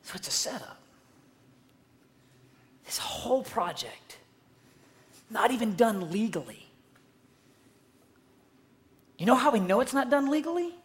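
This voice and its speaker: A preacher telling a story in an energetic sermon, swinging between loud bursts and hushed asides and asking the listeners questions. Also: medium pitch, moderate pace, long pauses.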